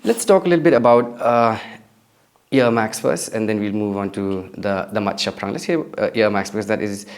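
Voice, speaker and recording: An interview host who leads the conversation with short, supportive prompts and moves it gently to new topics. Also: mid-range voice, a little fast.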